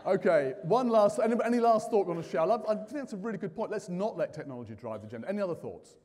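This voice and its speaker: The audience gets quizzed by a high-voiced host who talks in rapid-fire bursts at a live conference. The large hall echoes as he keeps the mood chatty, lively and full of jokes.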